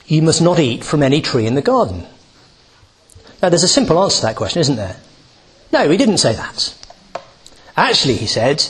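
A preacher with a husky voice on the high side gives a Bible teaching talk. He reads a passage and explains it, restarting often and wandering into asides.

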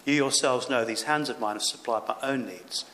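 A man's voice: medium pitch, normal speed, a bit bright. A man preaching a sermon as a pastor, earnest and emphatic, with rising exhortations. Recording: echoey room with faint background noise.

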